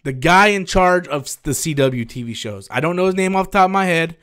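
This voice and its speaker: A man hosting a casual live-stream Q&A, rambling and animated as he answers viewer questions and swears freely. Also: on the high side, a little fast, clean tone.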